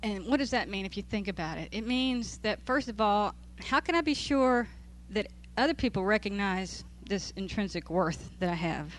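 A woman's voice: medium pitch, lively intonation, moderate pace, few pauses. A woman leads a Bible study in an easy, conversational voice. She teaches from scripture to a group and talks informally. Her amusement comes through often, with laughter as she reads. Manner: conversational, amused, laughs while reading aloud. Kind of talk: church talk to a group.

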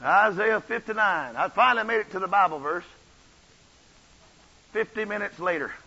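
A man preaching a revival sermon, swinging from soft asides to shouted runs. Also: sits high, animated, normal speed, vocal fry, slightly rough, dull audio. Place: church.

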